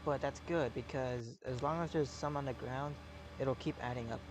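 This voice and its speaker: A young man streaming a farming game, rambling with deadpan jokes and a sore, scratchy throat. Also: medium pitch, normal speed. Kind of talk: casual gameplay commentary.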